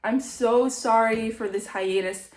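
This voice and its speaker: A young woman vlogging a casual, animated rant, a little sick and swearing often. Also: fairly high pitch, a little slow, echoey room. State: slightly sick. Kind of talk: casual ranting monologue.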